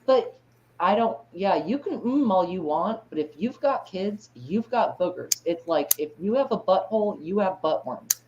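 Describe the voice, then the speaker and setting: A woman's voice: on the low side, animated, moderate pace, darkish tone. A middle-aged woman chatting on a stream and telling a blunt, crude story for laughs. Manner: blunt, joking, crude humor. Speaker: stream guest. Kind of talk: casual chat. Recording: muffled lo-fi mic, faint noise.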